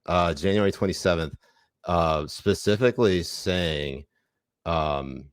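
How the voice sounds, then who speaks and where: A man hosts a casual comedy podcast, speaking in a deep, low register. His delivery is loose and jokey, and his sentences trail off into fillers. The sound is dry and close. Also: slow, clear, resonant tone, no echo. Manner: joking, loose, many fillers. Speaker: podcast co-host.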